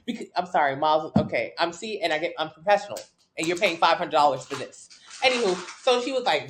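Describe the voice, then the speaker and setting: A woman's voice: deep voice, animated, quick pace, a little hiss or hum. A woman from Miami with a Southern US accent, a fitness coach chatting candidly and with swearing on a casual live stream. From Miami, Florida. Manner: candid, profane, gossipy and chatty.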